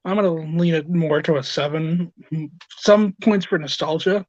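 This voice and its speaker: Sex: man. Role: guest. Pitch: slightly high. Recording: dull, dry remote audio. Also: normal speed, darkish tone, no room sound. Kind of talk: casual review chat.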